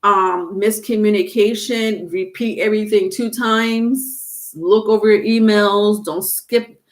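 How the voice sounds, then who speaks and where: Woman tarot reader on a live stream; unhurried, halting delivery with repeats and casual swearing. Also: medium pitch, steady tone.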